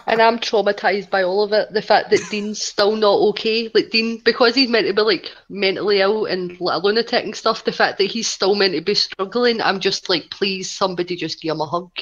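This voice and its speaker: A woman's voice: mid-range voice, brisk, hardly any pauses, lo-fi sound. A woman co-hosting a wrestling chat show, rambling and swearing, full of "like". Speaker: podcast co-host.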